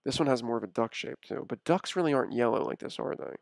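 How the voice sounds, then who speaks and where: A man's voice: medium pitch, fast, creaky, no room sound, studio quality. A man streaming from a room at home, talking in a rambling, stammering, mock-indignant way. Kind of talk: casual comedic stream chat.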